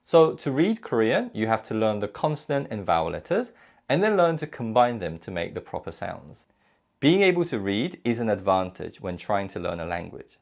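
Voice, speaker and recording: Gravelly, lively male language teacher. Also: lowish voice. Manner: clear, measured explanation with spoken examples. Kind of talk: recorded lecture.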